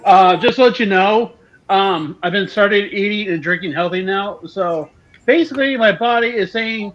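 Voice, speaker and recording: A man's voice: high voice, normal speed, a bit bright. A tired man playing in a tabletop game, chatting in a laid-back, meandering way. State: tired and yawning. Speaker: player. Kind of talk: casual chat at a tabletop game. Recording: dull lo-fi line.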